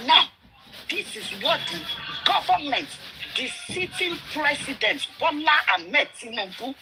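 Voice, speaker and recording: A woman's voice: high-pitched, animated, measured pace, over music, poor audio. A woman with a Nigerian accent speaking on a remote call, giving impassioned commentary and mixing English, Pidgin and Yoruba. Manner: switches between English, Pidgin and Yoruba, emphatic and indignant. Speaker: speaker in a live audio discussion.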